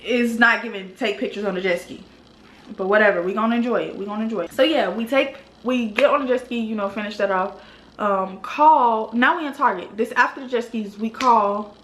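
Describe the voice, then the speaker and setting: Animated young woman telling a storytime. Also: fairly high pitch, fairly quick, a little hiss or hum. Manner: animated, exasperated storytelling with casual slang. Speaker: vlogger. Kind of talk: storytime vlog. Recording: roomy echo.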